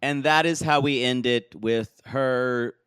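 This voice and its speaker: A man co-hosting a casual reality-TV recap podcast, jokey and animated, often mimicking the cast in high mocking voices. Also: takes it slowly, clean tone, dry recording, clean studio sound. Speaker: podcast co-host.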